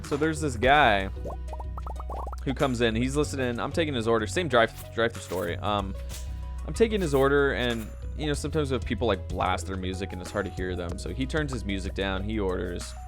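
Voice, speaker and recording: A man's voice: mid-range voice, fairly quick, soft background music. A young man chatting casually while playing a game, rambling and trailing off mid-sentence as he tells stories from work. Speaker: gaming video creator. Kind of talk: casual gameplay commentary with storytelling.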